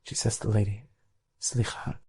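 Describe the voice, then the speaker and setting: Brief: gravelly, mellow-voiced rabbi telling an earnest moral story. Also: male voice, medium pitch, steady tone, fairly quick. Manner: earnest, mixes in Hebrew words. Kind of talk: storytelling sermon.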